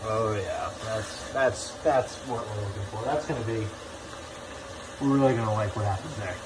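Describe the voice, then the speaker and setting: A man's voice: lowish voice, normal speed, noisy background. A man casually talking through a recipe as he cooks in his home kitchen, in a chatty, joking way. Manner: chatty, jokey, upbeat. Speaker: home cooking vlogger. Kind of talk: casual cooking demo.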